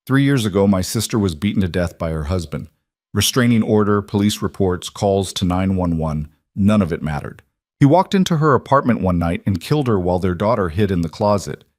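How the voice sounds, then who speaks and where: A weary, blunt female detective, read by a male narrator in his own low voice, pressing her questions in measured, level tones. The sound is dry and close to the mic, with no room around it. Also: expressive, darkish tone, dry recording. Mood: weary, earnest.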